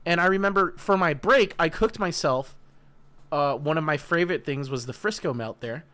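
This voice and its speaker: A man co-hosting a podcast, telling a story in an animated, laughing manner. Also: fairly high pitch, moderate pace, smooth. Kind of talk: casual chat.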